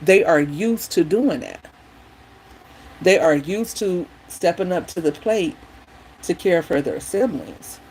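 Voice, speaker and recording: A woman's voice: on the low side, takes it slowly, a little hiss or hum, rough recording. Chatty woman with rambling opinions. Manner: rambling, opinionated, animated retelling. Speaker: vlogger. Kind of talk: casual chat while doing her hair.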